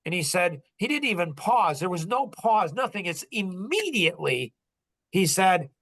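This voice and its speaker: Sixties male podcast host, earnest and rambling, slightly raised pitch, casual storytelling. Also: very animated, moderate pace, fairly bright tone. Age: 60s. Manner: earnest, rambling, heavy use of "like".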